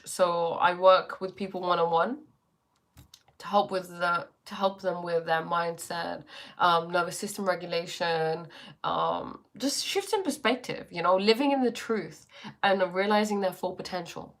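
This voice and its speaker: A woman's voice: fairly low pitch, fairly even intonation, unhurried, a bit bright. A woman hosting a live stream as a life coach, chatting casually and reflectively while answering viewer comments. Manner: reflective, questioning, spiritual talk. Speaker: livestream host and life coach. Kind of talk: casual livestream chat reading viewer comments.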